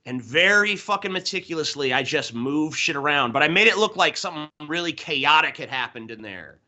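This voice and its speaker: A man tells a story on a podcast over a remote call, swearing freely and fighting back laughter. His voice sits somewhat high and sounds very bright and forceful. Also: animated, fairly quick. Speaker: podcast co-host. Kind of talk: casual storytelling. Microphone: remote call that drops out.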